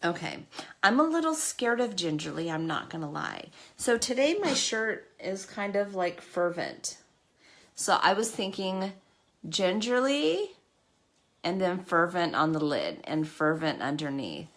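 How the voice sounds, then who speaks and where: A woman's voice: lowish voice, very animated, a little slow, a bit bright. A woman hosting a live makeup stream, chatty and emotional, talking to her viewers by name. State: tearful at times. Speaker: makeup livestream host. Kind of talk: casual live makeup chat.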